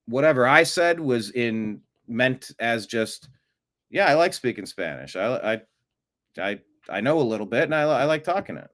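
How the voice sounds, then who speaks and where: A man's voice: medium pitch, animated, moderate pace, a bit bright. A man hosting a news commentary show, talking casually with an amused, rambling manner and frequent restarts. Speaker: show host.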